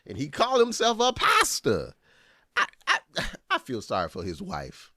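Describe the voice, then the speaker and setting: Lively pastor host reacting, dry sound. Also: male voice, a little high, normal speed, no echo. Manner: animated, laughing, exclaiming. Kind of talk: casual reaction commentary.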